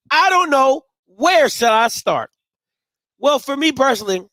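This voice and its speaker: A man with a high voice hosts a live sports show from home. He trash-talks and teases, repeats his points, and stretches words out for emphasis. The sound is dry and close, with no room echo. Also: very animated, sharp tone. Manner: playful trash-talking, repeats himself, drawn-out emphasis. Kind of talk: casual live postgame commentary. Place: home, green screen behind him.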